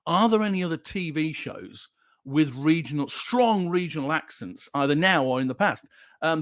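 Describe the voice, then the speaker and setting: A man hosts a casual livestream and chats in a jokey way as he reads out viewer comments. His voice sits high and moves around a lot. The sound is dry and close. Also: no echo. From Yorkshire, England. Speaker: livestream show host.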